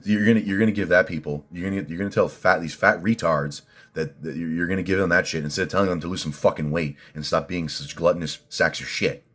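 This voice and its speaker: A man ranting on a livestream while reading viewer comments, cursing, bursting into loud outrage and then muttering. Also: low-pitched, fairly even intonation, quick pace. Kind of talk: profane ranting livestream chat.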